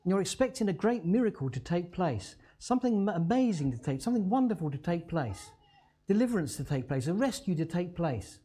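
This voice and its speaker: Animated, mellow-voiced male preacher. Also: high voice, husky. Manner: dramatic storytelling, slows and drops to a hush on key words. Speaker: pastor. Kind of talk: sermon.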